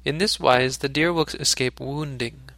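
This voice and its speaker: A man voicing a noble, selfless male deer king in a storybook reading, speaking in a calm, gentle, pleading way. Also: medium pitch, moderate pace, vocal fry, no room sound.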